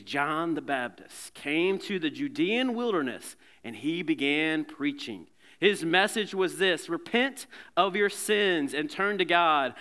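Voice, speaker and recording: A man's voice: on the high side, bright, forceful tone, clean tone. A man preaching a sermon to a congregation in a conversational way, with joking asides between scripture readings. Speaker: pastor. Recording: long hall reverb.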